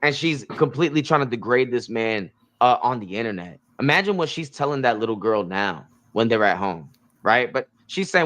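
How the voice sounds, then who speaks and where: A man's voice: medium pitch, big pitch swings, a little fast, fairly bright tone. A young man hosting commentary, reacting to interview clips in a blunt, emphatic way and repeating his points. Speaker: commentary host.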